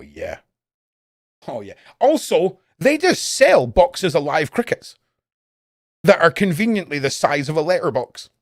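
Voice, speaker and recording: Guy rambling on his stream, swears constantly, pitch all over the place, dead dry mic. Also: no echo. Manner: profane, animated, swings between loud and muttered. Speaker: live streamer. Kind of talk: casual rambling stream chat.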